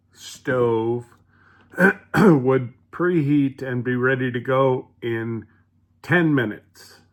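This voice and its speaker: A man casually rambling through a home cooking vlog, chatty and full of fillers, restarts and asides. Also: medium pitch.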